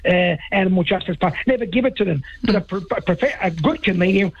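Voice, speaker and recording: A man's voice: high-pitched, quick pace, breathy edge. A man with an Australian accent calling in to a talkback radio show, rambling and emphatic, repeating himself, heard over a muffled phone line. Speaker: talkback caller. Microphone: telephone.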